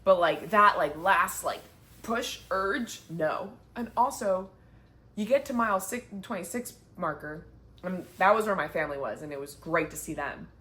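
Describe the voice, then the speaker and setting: A woman's voice: fairly low pitch, lively intonation, moderate pace, pushed and bright. A young woman talks to the camera in a casual sit-down chat, chatty and heartfelt, with lots of "like" fillers. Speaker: vlogger, marathon runner. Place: indoors, sitting down. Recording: faint background noise.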